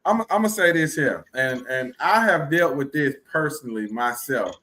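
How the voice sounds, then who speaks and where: A man's voice: on the high side, animated, normal speed, pushed and bright. A man with a Houston accent, a podcast co-host in casual chat, earnestly explaining his view at length. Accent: Southern US, Houston.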